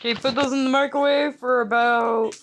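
A woman's voice: high-pitched, steady tone, brisk, fairly bright tone, a little hiss or hum. A young woman giving casual gameplay commentary, playful and mischievous, often giggling as she talks. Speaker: gamer.

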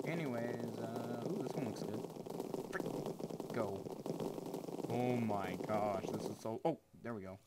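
A man casually commenting while he plays a game, goofy and excitable with lots of exclamations. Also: mid-range voice, slow, pauses often, a little hiss or hum. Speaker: gaming channel host.

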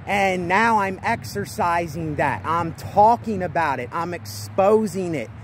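High-voiced man talking loudly outdoors. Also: expressive, unhurried. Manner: emphatic and repetitive, speaking loudly over outdoor noise. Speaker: vlogger. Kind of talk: motivational self-talk vlog. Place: outdoors near traffic.

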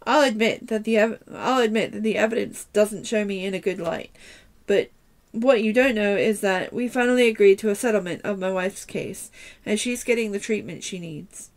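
A woman voicing a troubled middle-aged man who is defensive and pleading, in a halting way, in a read-aloud storybook. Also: medium pitch, natural voice.

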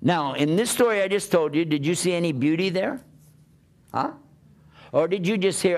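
A man's voice: high-pitched, moderate pace, long pauses. An older American man preaching a conversational sermon, telling stories and asking rhetorical questions. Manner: animated storytelling with rhetorical questions. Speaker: Islamic preacher.

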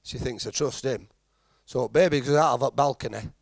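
This middle-aged stand-up from Halifax, England, speaks with a Yorkshire accent, medium pitch and vocal fry at a normal pace. His chatty routine is self-deprecating and teases the crowd. The studio-quality recording has no echo.

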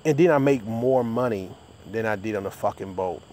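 A man's voice: lowish voice, moderate pace, a little mellow, a little hiss or hum. A man ranting casually to his viewers, profane and rambling, often stammering and restarting his sentences. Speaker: vlogger.

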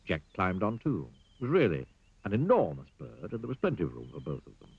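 A man reading a children's story aloud in an expressive, playful storytelling manner. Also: sits low, fairly quick, vocal fry, breathy edge, no room sound, lo-fi sound. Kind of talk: storybook narration.

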